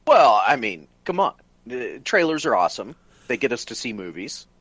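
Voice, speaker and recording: Lively opinionated podcast co-host man. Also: medium pitch, normal speed, husky, no room sound. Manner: enthusiastic, opinionated. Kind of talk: casual chat.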